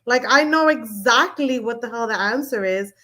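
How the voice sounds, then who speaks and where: Woman co-host with a somewhat high voice; blunt, profane, lively storyteller in casual chat. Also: moderate pace. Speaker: podcast co-host.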